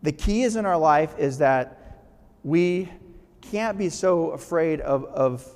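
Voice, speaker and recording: Expressive and a little mellow, a man with a fairly high voice speaks slowly as a guest giving a casual motivational talk. He often checks in with the live audience and restarts phrases, and the sound carries long hall reverb.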